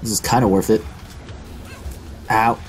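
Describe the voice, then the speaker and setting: A man's voice: fairly low pitch, a little slow, soft background music. Profane, self-mocking young male gamer. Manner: profane, self-deprecating, excitable yelps. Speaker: gaming video host. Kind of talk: let's play commentary.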